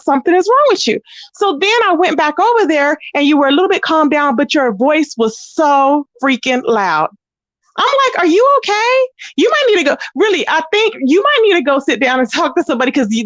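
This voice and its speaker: A woman hosting a casual gossip livestream, sassy and animated, greeting viewers by name. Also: sits high, fairly quick, few pauses, no room sound, highs cut off. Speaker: livestream host.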